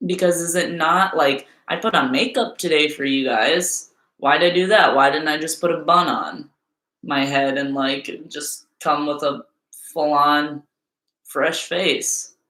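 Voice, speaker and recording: A woman's voice: low-pitched, measured pace, sharp tone. A woman hosting a live Q&A stream, talking in a chatty, rambling way full of fillers. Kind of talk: casual live-stream chat. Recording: roomy echo.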